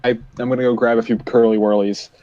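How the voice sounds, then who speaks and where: A man playing in a tabletop game, talking loudly and eagerly. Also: medium pitch, level tone, fast talker, a crowd in the background. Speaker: player. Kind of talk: casual tabletop play. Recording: dull, dry lo-fi mic.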